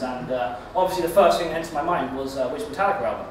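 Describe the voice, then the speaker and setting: A man doing a stand-up set, telling a rambling story in a deadpan way with stammered restarts. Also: on the high side, racing, few pauses, heavy background noise. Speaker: stand-up comedian. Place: comedy club stage. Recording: echoey club from far off.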